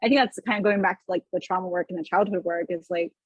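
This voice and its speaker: A woman guest on a podcast, talking in a thoughtful, supportive, measured way. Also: lowish voice, slightly rough, no echo, muffled recording. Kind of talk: casual chat.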